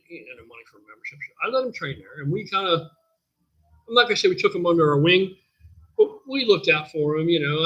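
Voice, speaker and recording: Gym owner guy ranting thru a story on a live stream, swears a lot, kinda raspy, slightly high voice. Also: muffled recording. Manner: profane, rambling, animated anecdote telling. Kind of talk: casual livestream storytelling.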